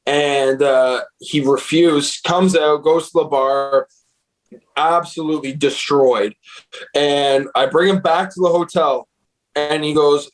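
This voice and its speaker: A man's voice: fairly high pitch, fairly even intonation, a little slow, poor audio. Laid-back young man telling profane stories. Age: young adult. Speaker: guest, concert booking agent. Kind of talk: casual storytelling.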